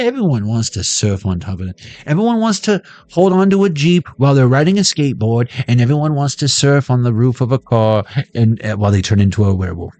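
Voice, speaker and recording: A man's voice: mid-range voice, expressive, fast, few pauses, darkish tone. A man hosting a casual tarot reading video, rambling and joking with casual swearing. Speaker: tarot reader. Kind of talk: casual intuitive reading vlog.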